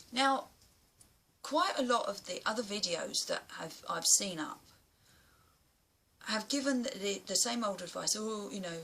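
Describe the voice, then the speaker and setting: A woman speaks straight into a camera mic, blunt and emphatic, with a casual swear here and there. Her voice is bright and a little husky, and her pitch rises and falls a lot. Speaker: vlogger. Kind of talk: casual opinion vlog to camera.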